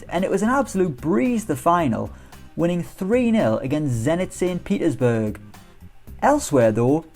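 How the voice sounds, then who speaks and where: Man, animated pitch, upbeat football game commentary, soft music underneath. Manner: chatty, upbeat, rhetorical questions. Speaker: gaming YouTuber.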